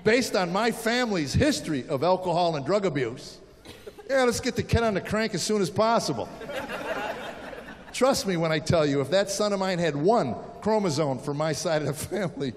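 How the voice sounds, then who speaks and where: An American man in his fifties performs stand-up on a stage in a large venue, telling animated stories and acting out the characters in them. His voice sits high and his pace is moderate. It's a live show in a big hall, with the audience laughing and applauding amid room noise.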